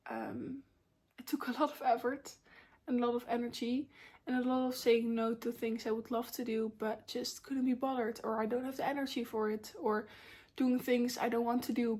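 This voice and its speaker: A woman's voice: fairly high pitch, a little mellow. A young woman talking openly to camera in a casual life-update vlog, chatty and candid, with plenty of ums and likes. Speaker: vlogger.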